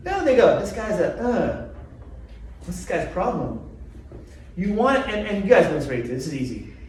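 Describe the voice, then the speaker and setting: A high-pitched middle-aged man teaching fellow chiropractors, firing quick questions at the room. He is picked up from far off in a very echoey seminar room, with a faint hiss underneath. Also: darkish tone. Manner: quizzes the audience with quick questions. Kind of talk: live seminar talk to a group.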